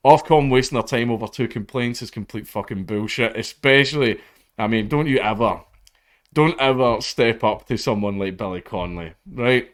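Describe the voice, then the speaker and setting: A man's voice: medium pitch, moderate pace. A man giving blunt, profane, casual commentary and retelling a story. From Scotland. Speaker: commentary host.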